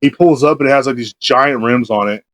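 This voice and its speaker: A man's voice: mid-range voice, fairly bright tone, no room sound. A young man, hosting a podcast and rambling through profane anecdotes in casual chat. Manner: rambling anecdotes, quick, laughing, swears freely. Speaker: podcast host.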